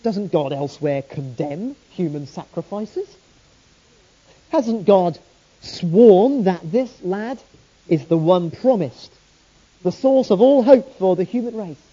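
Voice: mid-range voice, animated, slow pace, warm tone, breathy edge. A preacher giving a sermon, telling the story with earnest rhetorical questions, on a dull lo-fi recording.

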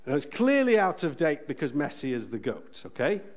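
A man preaching a sermon in a church, earnest and emphatic, slowing down to stress key phrases. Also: a little high, very animated.

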